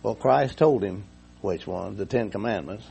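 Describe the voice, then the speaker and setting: Man preaching, real gravelly low warm voice, folksy and rambling, bit of hiss. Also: moderate pace. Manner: folksy, repetitive, chuckles at own jokes. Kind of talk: sermon.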